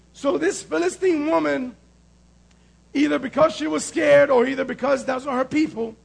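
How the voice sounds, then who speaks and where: Male pastor, sermon delivery: strikingly high voice, loud emphatic preaching, sarcastic humor between points. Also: creaky. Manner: shouting, emphatic preaching with calls of "Amen?"; wry sarcastic asides. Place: church before a congregation.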